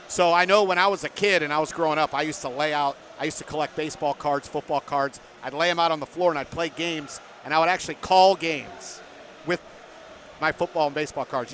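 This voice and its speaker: A man's voice: fairly high pitch, a bit bright, a little hiss or hum. A man doing play-by-play for a basketball game from a broadcast booth, chatting with guests between plays. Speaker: play-by-play announcer.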